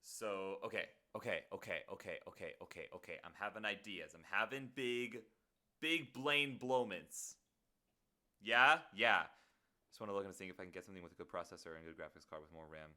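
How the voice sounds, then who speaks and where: A man's voice: low-pitched, quick pace, sharp tone. A man streaming live while making music, muttering to himself and joking playfully at his own expense as he greets his chat. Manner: muttering to himself, playful self-mocking asides.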